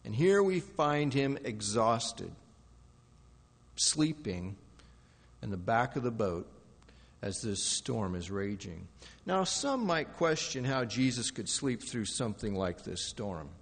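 A man preaching a sermon with dramatic shifts from soft, low passages to loud, pleading outbursts. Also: sing-song, slow pace, gravelly, big-room sound. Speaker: pastor.

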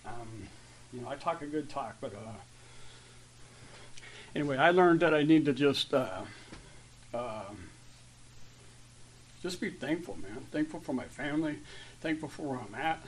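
A man in his fifties sharing a rambling, heartfelt testimony with a group, full of fillers and restarts, turning loud and animated when he retells stories. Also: mid-range voice, a little hiss or hum. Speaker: church member sharing a testimony. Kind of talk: casual spoken testimony to a group. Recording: distant mic with faint room ambience.

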